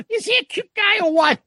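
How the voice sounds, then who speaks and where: A man doing an impression of a brash male rock guitarist who loudly heckles kids in an audience. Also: extremely high pitch, a little slow, dry recording, clean studio sound, pitched above the performer's own voice, full character voice. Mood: mocking. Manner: loud heckling banter.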